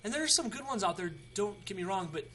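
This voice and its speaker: A man's voice: high voice, animated, fast talker, sharp tone, slight background noise. A young man hosting a casual how-to video, chatty and rambling with frequent restarts. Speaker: tutorial host.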